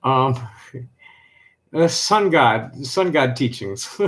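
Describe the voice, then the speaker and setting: A man hosting a live stream, reading a text aloud in a steady, rhythmic list cadence and then chatting loosely with restarts. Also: mid-range voice, drawn-out words, long pauses.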